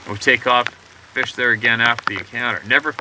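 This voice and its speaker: A man's voice: mid-range voice, fast talker. A man reading a viewer's encounter story aloud outdoors by a river, stumbling and restarting mid-sentence. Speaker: host reading a viewer's email. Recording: outdoor clip with loud rain noise.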